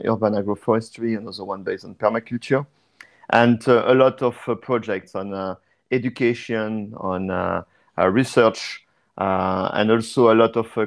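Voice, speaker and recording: A man speaks in a somewhat low voice, pausing often with "uh" between phrases. He talks as a guest on a podcast, and the sound comes through a video call. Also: vocal fry. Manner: hesitant, with frequent "uh" fillers. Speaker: guest, degrowth activist and researcher. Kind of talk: casual podcast interview.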